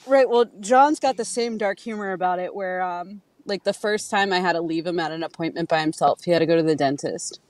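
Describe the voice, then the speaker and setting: A woman's voice: on the low side, brisk, hardly any pauses, a little mellow, no room sound. Woman guest chatting on a podcast, blunt, swears, does everyone's lines, dead dry sound. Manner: candid storytelling, acts out quotes, swears freely. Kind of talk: casual conversation.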